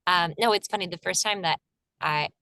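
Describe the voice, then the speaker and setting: A woman's voice: fairly low pitch, moderate pace, sharp tone, dry recording. Chatty young woman, dry close sound. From Virginia, USA. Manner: chatty, laughs often, acts out quoted voices. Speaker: actor, guest. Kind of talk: casual interview chat.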